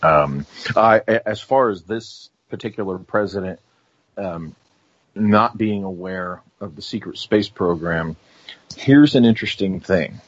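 A man speaking as a guest on a radio talk show, measured and full of "um" and "you know" as he explains his views. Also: sits low, dull audio. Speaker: guest author and researcher.

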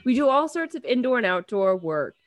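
A woman's voice: on the high side, sing-song, fairly quick. A woman reading out a middle-aged man's advice letter in his voice, with a slight rural twang and a plain, earnest manner. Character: modest middle-aged man writing in for advice.

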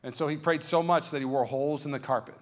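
A man's voice: a little high, steady tone, quick pace. A man preaching a sermon as pastor, telling a story and then praying with rising fervor. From United States. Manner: storytelling, building to loud fervent prayer. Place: church sanctuary.

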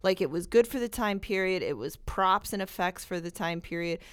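A young adult woman co-hosting a casual podcast about movies, relaxed and chatty, laughing often. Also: on the low side, normal speed, smooth. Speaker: podcast co-host.

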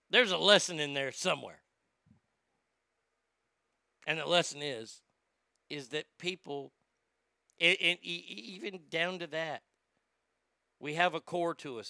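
Bright, gravelly man ranting profanely. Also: a little high, measured pace, pauses often, dry recording. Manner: profane, blustering, stammers when worked up. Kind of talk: comedic rant.

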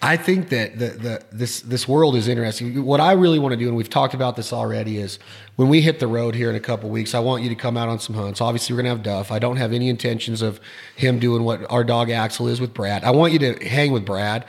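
A man hosts a relaxed interview podcast, piling one thought onto the next. He speaks with enthusiasm and often stumbles over repeated words. His pitch sits in the middle of the male range. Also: quick pace. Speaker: podcast host. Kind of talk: casual interview chat.

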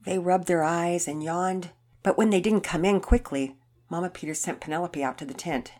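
A woman narrating a children's story in an expressive reading voice. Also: on the low side, normal speed.

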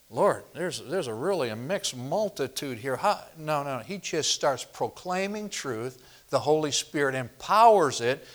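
A man preaching a sermon in a measured, unhurried way, pausing to ask his congregation questions as he works through the text. His voice sits a little higher than most men's. He grew up in the northern Midwest of the US. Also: fairly bright tone. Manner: teacherly, asks the congregation questions. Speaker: pastor.

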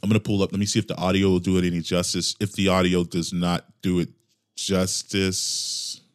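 A man riffs through a comedic podcast monologue, his voice jumping from loud exclamations to low mutters. He talks casually and swears freely, keeping an animated, restless energy. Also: fairly quick. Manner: animated, profane ranting with mock voices. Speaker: podcast host.

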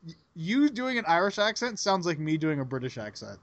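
High-voiced joking podcast host, dry sound. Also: male voice, big pitch swings, a little fast, dry recording, dull audio. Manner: joking, crude, laughs often. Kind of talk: casual podcast banter.

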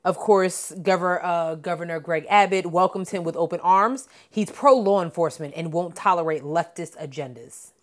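Lower-voiced woman reading news casually. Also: moderate pace, hardly any pauses. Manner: reads headlines aloud with stumbles and asides. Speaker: podcast co-host.

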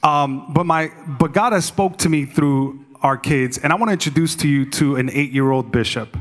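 A man in his thirties preaching a sermon as a pastor, telling a personal story in a lively, conversational way and talking straight to the congregation. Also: fairly high pitch, moderate pace, in a large hall.

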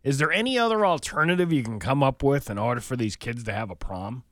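A man's voice: medium pitch, lively intonation, fast talker, fairly bright tone, dry recording, studio quality. A man co-hosting a casual podcast, reading local news stories and rambling about them with many restarts.

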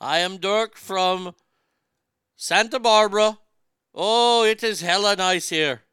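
A man's voice: sits high, takes it slowly, bright, forceful tone, smooth, dry recording, studio quality, pitched above the performer's own voice, heavily acted. A man voicing a chirpy male call-center agent who speaks in a stiff, formal script mixed with slang.

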